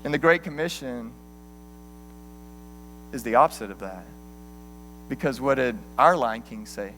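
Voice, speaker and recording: A man in his thirties preaching a sermon as an animated, joking storyteller. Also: mid-range voice, measured pace, soft background music. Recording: long hall reverb.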